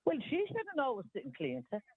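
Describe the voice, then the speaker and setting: A woman's voice: high voice, huge pitch swings, quick pace, slightly rough. A woman calling a radio show, playful and bossy, heard over a phone line. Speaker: caller. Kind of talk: phone-in chat.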